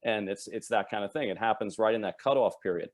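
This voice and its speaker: A man's voice: on the low side, fast talker. A man from New York who works as an audiobook narrator and dialect coach, explaining things at length in casual chat. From New York, Long Island.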